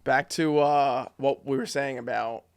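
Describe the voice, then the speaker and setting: A man in his twenties, a high school teacher, chatting casually on a podcast and often restarting his words. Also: fairly even intonation, a little slow, vocal fry, smooth. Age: 20s. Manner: stammering restarts, repeats words.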